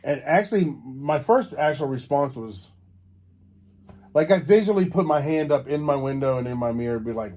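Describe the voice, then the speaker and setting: A man's voice: mid-range voice, normal speed, darkish tone. A man hosting a podcast, telling a rambling story with many fillers and restarts. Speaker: podcast host. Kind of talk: casual storytelling.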